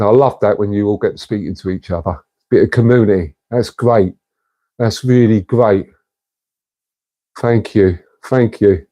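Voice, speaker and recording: A man's voice: mid-range voice, dark tone. A man hosting a casual livestream, chatting in a matey way and answering viewers' comments. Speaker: livestream host.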